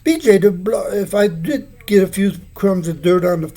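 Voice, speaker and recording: A man's voice: sits high, normal speed, dark tone. A man in his sixties rambling through a loose, free-associating monologue at home, often chuckling between thoughts. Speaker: video blogger. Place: his home, living room.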